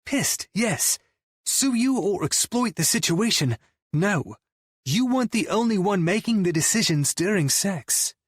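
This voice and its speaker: Male narrator playing a stern protective manager, raised pitch, clipped and insistent, husky, dry. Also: lively intonation, measured pace, no room sound, full character voice.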